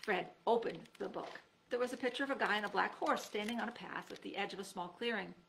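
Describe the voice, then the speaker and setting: A woman's voice: fast, creaky, slight background noise. A woman who works as a teacher reads a children's storybook aloud, jumping her voice up and down to act out each character. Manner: lively, voices each character with pitch jumps.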